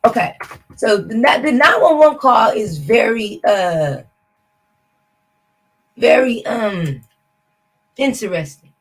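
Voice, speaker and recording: Her pitch sits fairly high and her delivery is very animated, though she speaks slowly and pauses often. The voice is slightly rough and the recording is low quality. Hosting a reaction stream, she talks straight to viewers in a chatty, doubtful way.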